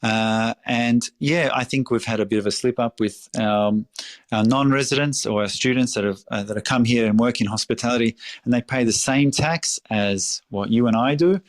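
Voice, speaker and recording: Passionate Australian restaurateur, dry close sound. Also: male voice, medium pitch, moderate pace, no room sound. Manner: passionate, emphatic, repeats phrases, swears freely. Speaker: restaurateur guest. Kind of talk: podcast interview.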